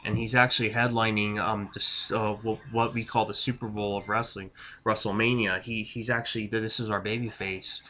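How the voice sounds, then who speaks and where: A man putting on a baffled first-time viewer, low and hushed. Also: level tone. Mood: bewildered. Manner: hesitant, halting, bewildered. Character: confused adult first-time wrestling viewer.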